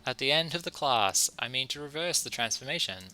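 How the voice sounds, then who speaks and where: A man voicing a pompous male science lecturer in a video game, reading his lines slowly and theatrically. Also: mid-range voice, lively intonation, sharp tone. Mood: grandiose.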